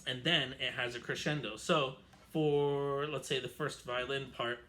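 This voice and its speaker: A man's voice: mid-range voice, fairly even intonation, measured pace, noisy background. A man teaching an online string orchestra lesson, chatty and explanatory, correcting himself as he goes. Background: violin playing.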